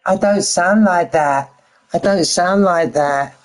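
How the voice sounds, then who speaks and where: A man doing a higher-pitched impression of a whiny, pleading friend from his racing league. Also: takes it slowly. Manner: begging, sing-song.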